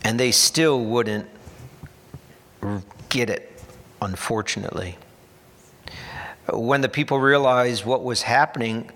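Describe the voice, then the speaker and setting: A man delivers a sermon from the pulpit, unhurried and deliberate in his phrasing. His voice sits at an ordinary middle pitch, earnest but ready with a wry aside. The sound rings out with the long reverb of a large church hall. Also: a bit bright. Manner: slow, earnest preaching with dry humorous asides. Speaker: pastor.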